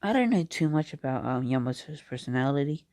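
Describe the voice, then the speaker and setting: A man casually making up and telling a fan story, halting and rambling with many restarts. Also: medium pitch, big pitch swings, darkish tone, no echo, studio quality.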